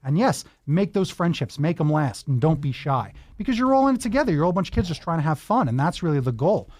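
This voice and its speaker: A male talk show host who chats with young guests and cheers them on with life advice. His pitch swings around animatedly as he talks. The sound is close and dry. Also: big pitch swings, quick pace, a little mellow, no room sound. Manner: encouraging, enthusiastic, gives advice. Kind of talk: upbeat interview with kids.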